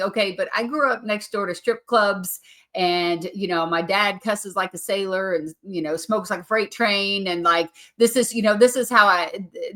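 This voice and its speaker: A woman's voice: mid-range voice, fairly bright tone. A woman hosting a podcast, telling her story earnestly with many fillers and restarts. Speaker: podcast host. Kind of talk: casual podcast chat.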